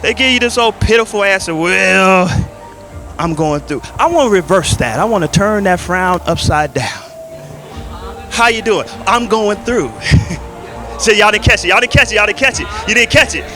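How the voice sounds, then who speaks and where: A male pastor preaching an energetic sermon, talking back and forth with his congregation and repeating phrases for emphasis. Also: high-pitched, moderate pace, music in the background. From Southern California. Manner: repeats words for emphasis, drops into folksy quoted voices.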